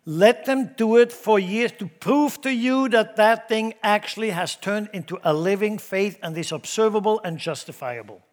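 A man preaching a sermon to his congregation, swinging between loud emphatic declarations and low asides, often repeating words and asking the room questions. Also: normal speed, few pauses. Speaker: pastor. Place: church.

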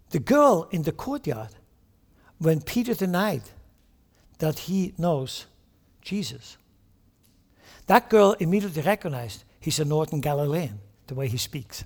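A man's voice: fairly high pitch, a little mellow, big-room sound. A man preaching a sermon, teaching with emphasis and putting questions to the congregation.

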